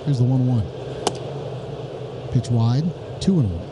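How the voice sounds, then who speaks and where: A man calling a live baseball game play-by-play, brisk with wry joking asides and rising excitement on big plays. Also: medium pitch, noisy background. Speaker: play-by-play announcer.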